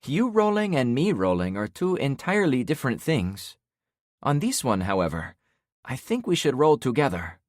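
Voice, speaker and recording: A man's voice: medium pitch, wildly swooping pitch, normal speed, dry recording, clean studio sound, pitched above the performer's own voice. A man voicing a wry, playful young woman survivor in an audiobook, bantering as she speaks. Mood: teasing.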